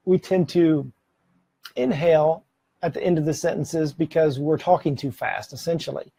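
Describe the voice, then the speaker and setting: A middle-aged man talks to his camera about giving presentations, chatty and prone to self-corrections. His voice sits a little high yet sounds mellow, with a husky, gravelly grain. The sound is dry, with no room echo. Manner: conversational, self-correcting, occasional laughs. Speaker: presenter giving speaking tips. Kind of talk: casual instructional talk to camera. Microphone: camera mic, speaking to camera.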